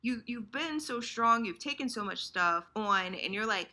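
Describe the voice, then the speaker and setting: Lively, bright-voiced woman host. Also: a little high, moderate pace. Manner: animated, acts out inner voices, lots of restarts. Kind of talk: casual chat about fandom.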